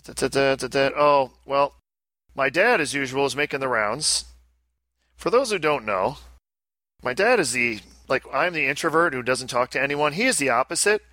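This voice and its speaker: A man's voice: mid-range voice, lively intonation, normal speed, bright, forceful tone, no room sound. A man co-hosting a casual podcast, rambling and chatty, often breaking off and restarting his sentences. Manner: rambling, self-interrupting, chatty. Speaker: podcast co-host. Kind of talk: casual chat.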